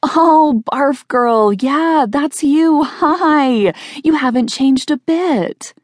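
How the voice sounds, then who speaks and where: A woman's voice: high-pitched, drawn-out words, no echo, clean studio sound, pitched above the performer's own voice. A woman voicing a gushing female former classmate at a reunion, drawing out her words.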